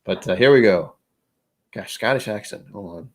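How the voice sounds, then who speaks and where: Low-voiced rambling livestream host. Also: male voice, moderate pace. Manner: rambling, self-deprecating, with frequent restarts. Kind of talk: casual livestream chat.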